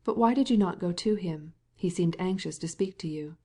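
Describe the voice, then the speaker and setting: A woman's voice: fairly low pitch, normal speed, dark tone. A woman voicing an ironic elderly prince in an audiobook, with dry, wry remarks. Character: blunt, ironic elderly male prince, a father.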